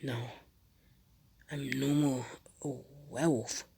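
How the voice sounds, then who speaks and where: A woman's voice: extremely low pitch, fairly even intonation, takes it slowly, gravelly, dark tone, slightly rough, full character voice. A woman with a cold voicing a brooding teenage werewolf boy, murmuring in a half-whispered inner monologue. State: congested from a cold.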